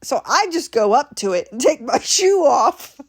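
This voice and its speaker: A woman from Ohio tells a story in a relaxed vlog style. She talks animatedly and acts out what everyone said, in a voice a little on the high side. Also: moderate pace. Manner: animated, quotes people in her stories. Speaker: vlogger. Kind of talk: casual storytelling.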